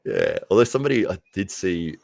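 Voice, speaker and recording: Deep-voiced Australian man chatting on stream. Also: huge pitch swings, fairly quick, gravelly, a little mellow, no room sound. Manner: chatty, laughs often, acts out voices in anecdotes. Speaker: livestream host. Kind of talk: casual chat.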